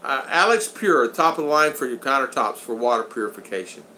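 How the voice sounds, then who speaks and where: A man's voice: mid-range voice, very animated, a little fast, bright, forceful tone, a little hiss or hum. An older American man hosting a casual livestream, reading viewers' chat aloud, greeting them by name and laughing often. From United States.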